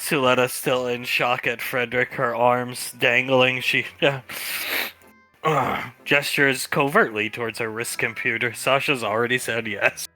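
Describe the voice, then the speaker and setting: A man casually narrating his characters' actions in a tabletop game. His voice is very bright and ordinary in pitch, with soft music behind. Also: level tone, unhurried. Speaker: tabletop player.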